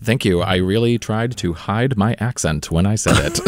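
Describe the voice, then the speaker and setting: A man co-hosting a radio show, chiming in playfully and laughing. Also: lowish voice. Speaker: radio co-host. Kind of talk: casual radio banter. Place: radio studio.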